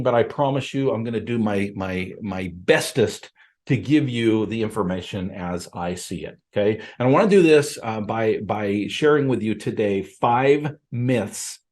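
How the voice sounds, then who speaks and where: A middle-aged podcast host who coaches appraisers talks casually and directly to the camera. His mid-pitched voice is earnest, plain-spoken and a little mellow. He often restarts sentences and drops in fillers.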